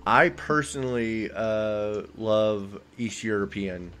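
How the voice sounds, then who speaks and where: A man's voice: on the low side, takes it slowly, a bit bright, slight background noise. A man co-hosting a podcast, talking in a rambling, enthusiastic way full of fillers. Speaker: podcast co-host. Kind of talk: casual chat.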